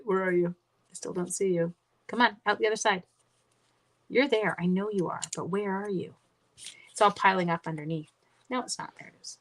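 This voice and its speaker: A middle-aged woman hosts a card-making livestream, chatting casually with viewers and talking herself through each step. Her voice is fairly low and fairly bright, at normal speed with frequent pauses.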